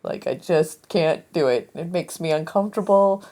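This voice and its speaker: A woman with a somewhat low voice co-hosts a chatty radio show. She speaks earnestly and rambles a little, sounding self-conscious about herself. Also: moderate pace, mellow. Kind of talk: casual chat.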